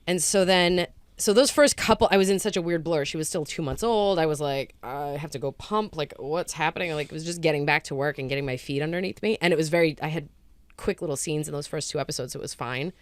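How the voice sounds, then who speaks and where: A woman's voice: low-pitched, quick pace, dry recording. A woman in her thirties from Rhode Island, a guest actress telling stories in casual chat and acting out the quotes. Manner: animated storyteller acting out quotes.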